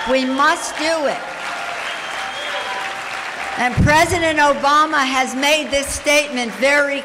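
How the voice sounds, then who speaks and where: A woman's voice: high voice, bright, forceful tone, a little hiss or hum. A woman in her seventies, a party leader giving a political speech at a breakfast, with a rallying manner that repeats key phrases. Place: large breakfast hall with a crowd. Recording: long echo of a large hall.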